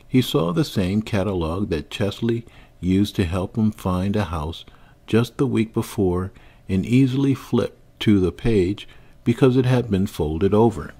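A man narrating a historical novel in a measured, grave storytelling manner. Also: lowish voice, warm tone. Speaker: author and narrator. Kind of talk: scripted audiobook narration.

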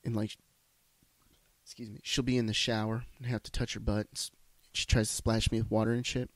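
A man's voice: fairly low pitch, little pitch movement, brisk, no echo. Congested, foul-mouthed male podcast host. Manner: profane, rambling, self-deprecating. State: congested from a sinus issue. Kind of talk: solo casual monologue. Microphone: podcast microphone.

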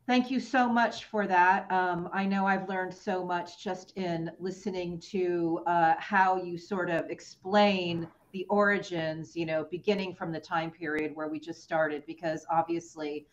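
A woman's voice: on the low side, fairly even intonation. Earnest woman host, dull audio. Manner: earnest, emotional, halting. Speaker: podcast host. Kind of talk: interview questions.

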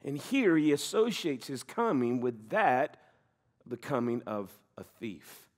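A middle-aged man preaching a sermon, slowing down to stress key points and now and then laughing. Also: mid-range voice. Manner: animated preaching, slows for emphasis, occasional laughs. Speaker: pastor.

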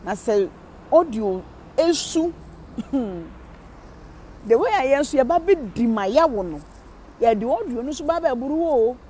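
A woman with a Ghanaian accent giving casual gossip commentary, animated, switching between Twi and English and laughing often. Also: high voice, moderate pace, pauses often, slight background noise. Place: living in Germany.

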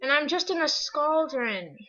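A young woman chats excitedly through her gameplay, her voice high and bright. She jumps from one thing to the next. The sound is dull and lo-fi, with faint game music underneath. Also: a little slow. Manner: chatty, excitable, easily distracted. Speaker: gamer. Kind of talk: casual game commentary.

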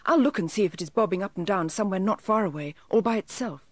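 A woman's voice: medium pitch, fast talker, natural voice. A woman voicing a kind, polite little boy who speaks earnestly, in a storybook reading. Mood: dismayed. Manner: earnest and well-mannered.

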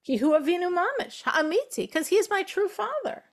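An American woman who teaches Torah leads a religious class in a lively spoken style. Her voice is extremely high-pitched and brisk, and she repeats phrases for emphasis and quotes Hebrew.

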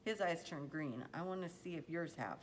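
A woman's voice: low voice, lively intonation, moderate pace, slight background noise. A woman reading aloud as a bossy young farm girl who scolds her brother scornfully.

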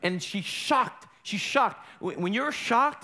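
A male pastor preaching a sermon in an animated way, acting out voices with humor. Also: sits high, unhurried, hardly any pauses.

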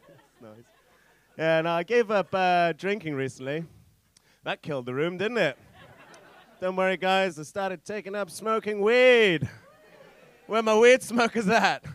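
A man's voice: sits high, normal speed, long pauses, clean tone, no room sound. Young man with a posh voice doing stand-up. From England. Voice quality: posh-sounding voice. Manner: swearing, rambling, self-mocking storytelling with loud punchlines. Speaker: stand-up comedian. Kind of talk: stand-up comedy set. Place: comedy club stage. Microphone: handheld stage mic.

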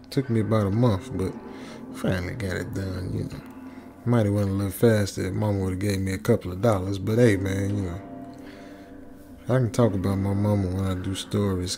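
Man, low gravelly voice, relaxed late-night chat, music behind. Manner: laid-back, slow, low-key talk with slang. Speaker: storytelling channel host. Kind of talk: casual chat to viewers. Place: home at night.

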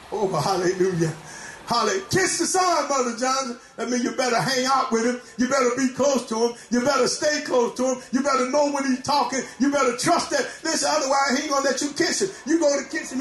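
High-voiced shouting preacher. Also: male voice, echoey room, a little hiss or hum. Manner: preaching with shouts and repeated hallelujahs. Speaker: pastor. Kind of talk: sermon. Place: church.

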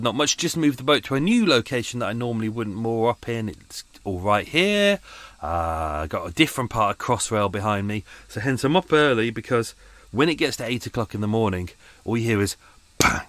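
Bloke rambling on his podcast from a canal boat, pitch bouncing all over, chatty and self-mocking. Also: expressive, a little fast, a bit bright, no room sound. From England. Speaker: podcast host. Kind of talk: casual rambling chat. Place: moored canal boat cabin.

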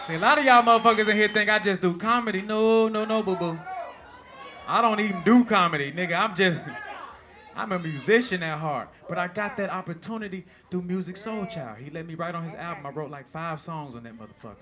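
A man doing stand-up, telling an animated, profane story on stage and laughing through it. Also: high-pitched, brisk. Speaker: stand-up comedian. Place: stage before a live audience. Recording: live show with crowd.

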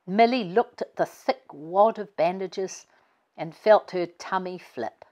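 A woman author reading her family storybook aloud in a gentle, expressive way. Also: on the low side, slow. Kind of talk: children's storybook read-aloud.

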